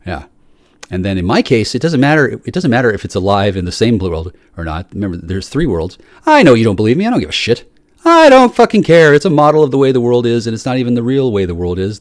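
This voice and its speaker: A man with a low-set voice rants in a long, profane monologue. He swings from loud outbursts to quiet muttering, stumbling over repeated words. The sound is dry and close, with no room around it. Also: dry recording. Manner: swings from shouting to low muttering, heavy swearing; repeats and restarts words often. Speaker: solo speaker.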